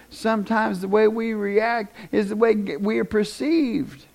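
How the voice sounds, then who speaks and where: Speaking in an extremely high, gravelly voice, a preacher addresses his congregation with stories and jokes before ending in prayer. He's full of animation, acting out the people he quotes and kidding around with the room.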